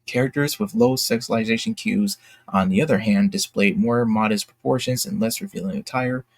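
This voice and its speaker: A man with a gravelly, slightly husky voice reads a news article aloud and comments on it. He trips over words now and then and adds quick apologetic asides. The recording is dry and close, with no room sound. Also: on the low side, dry recording. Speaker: YouTube commentator.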